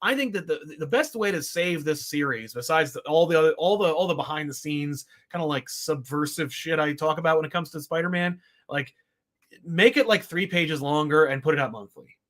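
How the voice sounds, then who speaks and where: A man's voice: fairly high pitch, brisk, a bit bright. A man co-hosting a podcast, reviewing comics in a rambling, wry, exasperated way. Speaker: podcast co-host. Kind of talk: casual comic book review chat.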